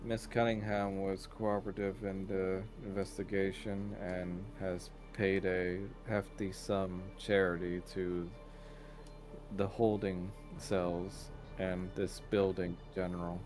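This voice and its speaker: A low-voiced man running a tabletop game, describing rooms and people in an easygoing, casual way. Faint music plays behind his voice. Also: flat delivery, slow. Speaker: dungeon master.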